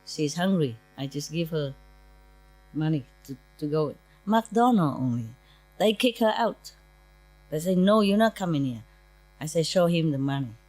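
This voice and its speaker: A woman's voice: sits low, lively intonation, unhurried, darkish tone, no echo. A woman spiritual teacher speaking informally to her disciples in simple non-native English, often breaking into laughter.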